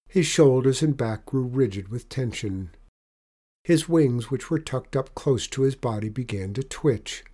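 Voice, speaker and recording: A man narrating a children's adventure story aloud with expressive, animated delivery. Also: medium pitch, a little slow.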